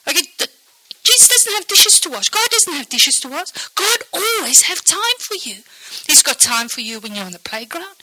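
A woman leading a children's church training, lively and animated, often asking "okay?" and dropping into soft whispers. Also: high voice, no room sound, poor audio. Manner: animated, shifts between bright exclamations and hushed whispers; frequent "okay?" check-ins. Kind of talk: teaching volunteers, modelling a kids' talk.

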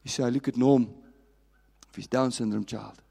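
A man's voice: medium pitch, fairly even intonation, a little slow, creaky, breathy edge. Man, pastor, sermon, impassioned, long hall reverb. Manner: impassioned storytelling, swinging from raised to hushed.

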